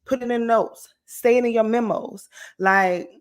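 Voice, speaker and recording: A woman about to turn forty, giving an energetic, encouraging motivational talk to her viewers, checking in often with "okay?" and "right?". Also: fairly high pitch, unhurried. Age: late 30s. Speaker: motivational vlogger. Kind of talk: casual motivational talk to camera.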